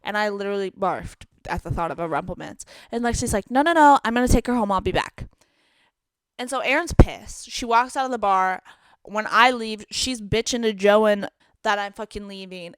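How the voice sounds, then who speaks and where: A podcast co-host in her twenties tells a casual, animated story about a night out, mimicking her friends as she goes. Her voice is mid-range, and the recording is dry.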